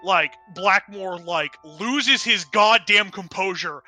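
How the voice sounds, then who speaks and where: Bright-voiced, chatty player. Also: male voice, high-pitched, takes it slowly, soft background music, low-quality recording. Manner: filler-heavy, thinking aloud. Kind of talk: casual role-play description.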